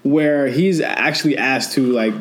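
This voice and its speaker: A man's voice: medium pitch, measured pace, a little hiss or hum. A man talking enthusiastically and analytically about films in a casual chat. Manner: enthusiastic, analytical film talk.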